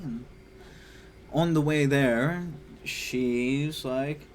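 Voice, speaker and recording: A man's voice: medium pitch, moderate pace, a little hiss or hum. A young man giving a casual spoken book review, chatty with lots of fillers, sometimes acting out characters in a raised voice.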